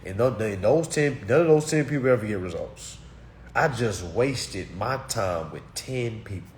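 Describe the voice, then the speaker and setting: A man, giving a blunt, preachy talk to his course students that swings between loud and muttered. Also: mid-range voice, lively intonation, moderate pace, slight background noise. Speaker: course teacher. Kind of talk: blunt motivational rant.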